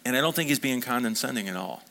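A man's voice: mid-range voice, lively intonation, quick pace, gravelly, sharp tone. A man preaching a sermon as a pastor, talking conversationally and asking the congregation questions.

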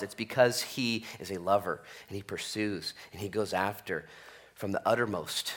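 A male pastor delivers a Bible-study sermon in a lively, joking, conversational way, tossing in "okay?" as he goes. His voice is bright and forceful, pushing each point home with energy. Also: low voice, moderate pace. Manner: animated, jokey, conversational preaching with frequent "okay?". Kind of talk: expository sermon.

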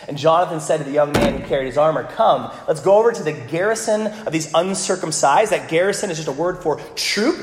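Jokey preaching man in an echoey hall. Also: high-pitched. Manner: casual, jokey preaching with playful voiced asides. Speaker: pastor. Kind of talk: sermon. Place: church sanctuary. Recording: echoey hall with long reverb.

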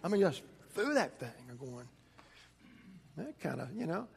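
A man's voice: fairly high pitch, very animated, normal speed, vocal fry, breathy edge. A man, a pastor preaching a conversational sermon and telling stories with frequent restarts.

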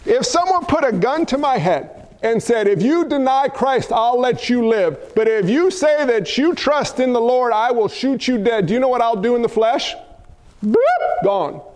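In a fiery and animated sermon, a man serving as pastor calls out for responses from his congregation, mixing folksy asides with loud exclamations. He speaks at a moderate pace in a very high voice.

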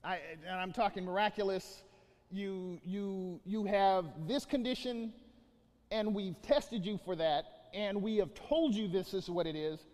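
A man preaching a sermon as the pastor, telling stories with many restarts and lively emphasis. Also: high voice, measured pace, big-room sound. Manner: animated storytelling with many restarts.

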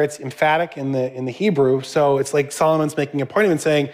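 A man's voice: fairly high pitch, fairly even intonation, fast, a little mellow. A middle-aged man giving a sermon as a pastor, conversational, with asides to the congregation.

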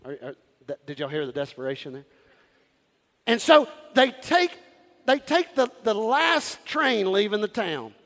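A man preaching a sermon as pastor, calling out to the congregation and swinging from loud to hushed. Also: sits high, big pitch swings, unhurried, in a large hall.

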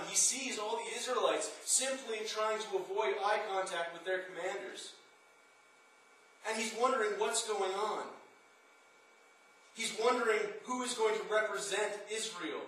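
A man's voice: sits high, pushed and bright. A man preaching a sermon, telling a story dramatically and rising to impassioned peaks. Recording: echoey room from far off.

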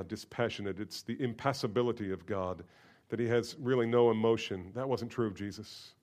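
A man preaching a sermon, expressive and emphatic, moving from quiet explanation to loud, impassioned emphasis. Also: medium pitch. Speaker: pastor.

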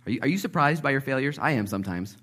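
A man preaching a sermon, telling the story with energy, dropping to a hush and then rising loud, and acting out the people in it. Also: medium pitch, racing. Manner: lively storytelling, acts out voices, swings between hushed and loud. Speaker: pastor.

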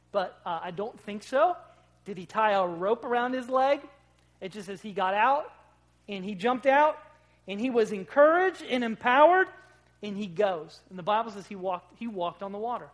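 Pastor preaching casual-like, lots of questions, gets loud then real quiet. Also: mid-range voice, expressive, moderate pace. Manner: conversational, rhetorical questions, swings loud to quiet. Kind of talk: sermon.

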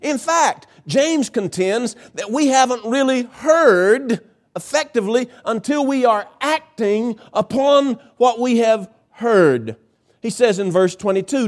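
A male pastor preaching a sermon, emphatic, with dramatic pauses and swings in pitch.

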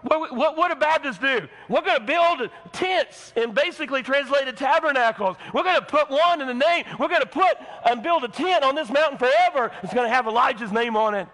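Preacher putting on a hyped southern dude, way up high and hollering, big hall echo. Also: male voice, expressive. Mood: excited. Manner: loud, high, rushing, exclamatory. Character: excited Southern man blurting out a big plan. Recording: long church hall reverb.

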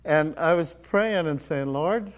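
An older man shares his personal testimony in an animated, slightly high voice at normal speed. He tells his story with frequent laughs, acting out the quotes of others as he goes.

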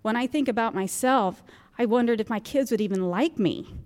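A woman's voice: fairly high pitch, fairly quick, a little mellow, long reverb tail. A woman in her fifties giving a candid, self-mocking talk to a group of mothers in a church gym, laughing often. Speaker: guest speaker at a moms' group. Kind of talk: personal talk to an audience.

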